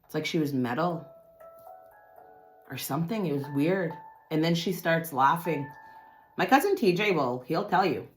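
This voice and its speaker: A woman telling a personal story to her viewers in casual talk, swearing often and swinging from low muttering to loud outbursts. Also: lively intonation, moderate pace, pauses often, soft background music.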